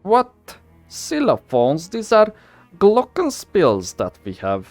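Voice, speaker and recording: Pompous little goblin street thugs, as a man puts them on, high and puffed up, mangling their word order. Dry, close sound with faint music underneath. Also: wildly swooping pitch, takes it slowly, a little mellow, no echo, heavily acted. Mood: indignant. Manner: broken jumbled word order, indignant.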